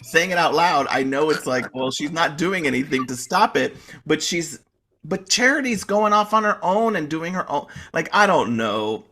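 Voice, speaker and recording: A man's voice: a little high, lively intonation, normal speed, bright, forceful tone, slight background noise. A man co-hosting a podcast as a guest, chatting casually and quoting the characters as he recaps. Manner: chatty, agreeing, quotes the characters. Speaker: guest co-host.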